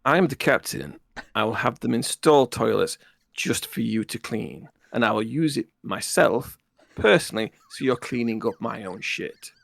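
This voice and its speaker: A man doing a gravelly blunt military captain. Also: medium pitch, expressive, moderate pace, fairly bright tone, dry recording, clean studio sound. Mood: threatening. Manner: curt and threatening. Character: blunt no-nonsense male military starship captain.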